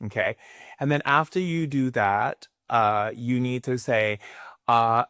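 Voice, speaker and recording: A man talks as a spiritual teacher, sassy and emphatic. His voice sits at an ordinary middle pitch, and he throws in playful asides. The sound is dry and close, with little room around it. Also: slow, fairly bright tone, smooth, no echo. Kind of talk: live spiritual talk.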